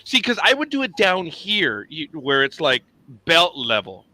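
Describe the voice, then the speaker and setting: A man's voice: on the high side, a little slow. A man co-hosting a casual podcast chat, telling workplace stories with lots of laughter and acted-out quotes. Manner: animated, laughs often, acts out quoted lines. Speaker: podcast co-host.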